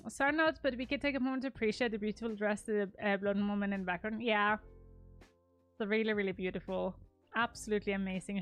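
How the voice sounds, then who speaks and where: A woman's voice: medium pitch, fairly bright tone. A young woman chatting casually on a live stream, gushing and rambling as she shows her wedding photos, laughing often.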